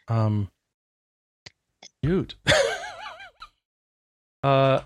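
Guy rambling on a gaming podcast, avg pitch, laughs a lot, dry sound. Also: very animated, drawn-out words, pauses often, a bit bright, dry recording. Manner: rambling, self-interrupting, laughs often. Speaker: podcast co-host. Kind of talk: casual gaming chat.

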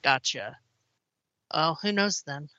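A woman co-hosting a podcast in casual chat, making quick offhand remarks. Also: low voice, animated, bright, forceful tone, no room sound, highs cut off. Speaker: podcast co-host. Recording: dry close sound.

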